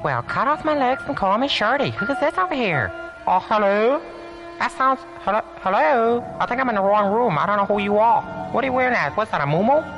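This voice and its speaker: A performer playing a bumbling, flirty character in a radio serial parody. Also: female voice, a little high, big pitch swings, fairly quick, muffled recording. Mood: flustered. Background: music.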